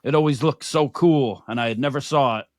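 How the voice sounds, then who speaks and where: A man's voice: medium pitch, a little fast, no echo, clean studio sound. A man co-hosting a podcast, telling stories in casual chat, joking and crude. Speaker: podcast co-host.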